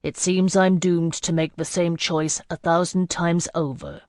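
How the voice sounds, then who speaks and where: A wry, tender young man, played by a woman narrator speaks low and quietly. His voice is dark and held close. The recording is dry and bare. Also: level tone, unhurried, no room sound, lightly acted.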